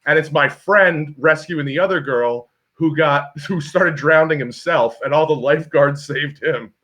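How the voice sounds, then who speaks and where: A man's voice: a little high, unhurried. A young man telling a story in casual chat on a video call, acting out the voices of the people in it. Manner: animated storyteller, acts out voices.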